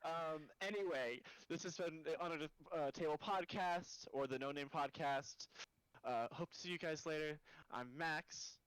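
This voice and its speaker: A young man hosting a casual gaming podcast, relaxed, mostly giving short agreeing replies. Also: on the high side, normal speed, smooth, no room sound, poor audio. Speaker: podcast host.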